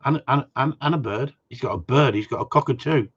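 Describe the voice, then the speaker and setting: A gundog trainer with a mid-range, husky voice answers viewer questions at a brisk clip, blunt and rambling, swearing casually. It's a relaxed Q and A chat captured with dull, lo-fi sound.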